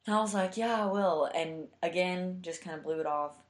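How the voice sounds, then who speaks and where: Low-voiced young woman telling a story. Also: normal speed, roomy sound. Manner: chatty, heartfelt, many fillers. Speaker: guest telling a personal story. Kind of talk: casual storytelling.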